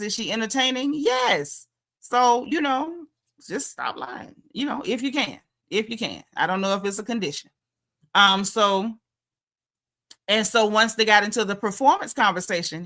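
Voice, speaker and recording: A Southern American woman hosting a loose livestream recap, her voice bright and punchy. She talks in a sassy, emphatic, down-home manner, leaning hard into her points and repeating them for effect. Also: mid-range voice. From Southern United States. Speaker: show recap host. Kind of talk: casual livestream commentary.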